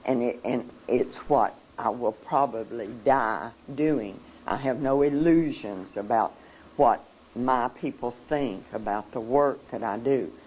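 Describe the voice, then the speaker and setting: An adult giving an emotional talk at a seminar, speaking earnestly in a halting way, with many pauses and repeated words. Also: medium pitch, a little mellow, slight background noise, poor audio.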